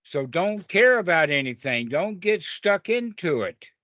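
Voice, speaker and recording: A man's voice: sits high, very animated, unhurried, fairly bright tone, no room sound, lo-fi sound. A man giving an informal Dharma talk over a video call, telling stories in a rambling, folksy way with lots of fillers. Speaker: meditation teacher.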